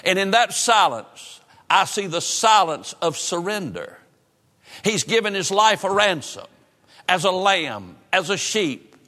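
A man preaching with a high, bright voice, full of fervent repetition that sinks to a hush on the solemn lines. His voice rings through a church hall with a long reverb. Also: sing-song, unhurried. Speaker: pastor. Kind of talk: sermon.

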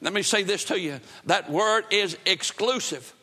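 A man's voice: high voice, measured pace, sharp tone, big-room sound. A man preaching a fervent revival sermon, with emphatic bursts and repeated phrases. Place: church building before a congregation.

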